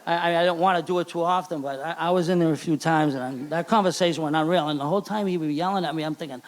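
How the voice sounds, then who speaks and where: A middle-aged man with a Boston accent giving an emotional hall of fame acceptance speech at a banquet, halting and repeating words. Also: on the high side, slight background noise. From Charlestown, Boston.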